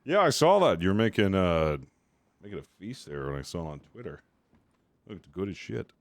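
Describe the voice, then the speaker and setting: Man, game streamer, very low voice, dry close sound, casual rambling chat, swears a lot. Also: normal speed, a little mellow, no echo.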